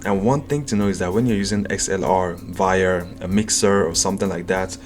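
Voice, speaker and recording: A tech reviewer with a low, steady, brisk voice talks straight to his viewers about a budget microphone from his home setup indoors. The vlog is casual, chatty and self-deprecating, and he's recorded close up on a USB condenser mic.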